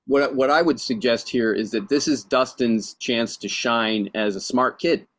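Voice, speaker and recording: A man giving calm, explanatory notes to actors at a rehearsal. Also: medium pitch, a little slow.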